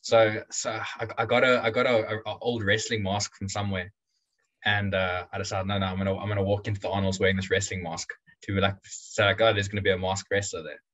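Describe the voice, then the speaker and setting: Young male wrestler, low, easygoing. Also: a little fast, rough recording. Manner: relaxed, rambling with many restarts and laughs. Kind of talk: casual interview chat.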